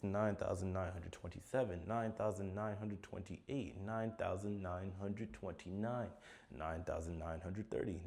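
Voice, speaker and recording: A man's voice: deep voice, gravelly, darkish tone. A man counting numbers aloud for a sleep video, tired and plodding, with sighs and occasional slips. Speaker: content creator.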